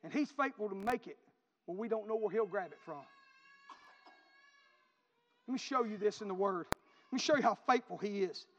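High-voiced fervent preacher. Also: male voice, animated, normal speed, long pauses, a little hiss or hum. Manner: fervent, repetitive storytelling preacher. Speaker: pastor. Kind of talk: sermon. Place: church sanctuary. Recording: dull lo-fi recording with long church reverb.

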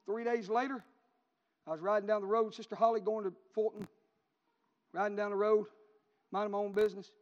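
Pastor, man, high-pitched and fervent, repeats his points, recorded dull in a reverberant sanctuary. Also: level tone, fairly quick, long pauses. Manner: fervent, repetitive storytelling preacher. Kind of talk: sermon. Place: church sanctuary.

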